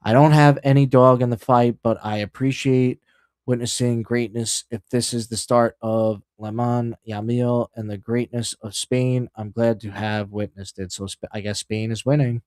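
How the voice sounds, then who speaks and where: A man's voice: mid-range voice, steady tone, normal speed, darkish tone, smooth, dry recording, studio quality. A man hosting a casual livestream, ranting in a profane, rambling way and riffing on headlines he reads aloud. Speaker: streamer host.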